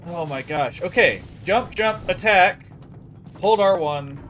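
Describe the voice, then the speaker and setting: A man streaming a video game, frustrated, talking casually to himself as he plays, swinging from low muttering to sudden loud outbursts. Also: animated, slow pace, faint music behind. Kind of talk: casual gameplay commentary.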